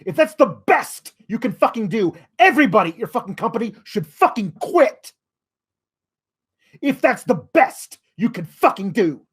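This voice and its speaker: Man, podcast host, high-pitched voice, exasperated, profane rant. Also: very animated, normal speed, breathy edge.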